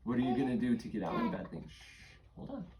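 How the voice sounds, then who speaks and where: A father running a tabletop game for his kids as game master, patient and gently coaxing. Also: medium pitch, rapid-fire, heavy background noise.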